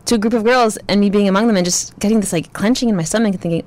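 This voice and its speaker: Halting trans man telling personal stories. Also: high voice. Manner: halting, self-correcting, restarts words. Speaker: guest. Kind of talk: personal storytelling in conversation.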